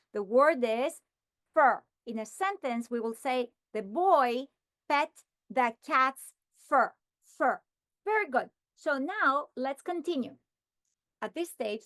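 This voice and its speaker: High-voiced woman modeling phonics. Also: fairly bright tone, no room sound, studio quality. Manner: slow, deliberate sounding-out of words. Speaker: teacher trainer. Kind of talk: modeling a phonics lesson for teachers.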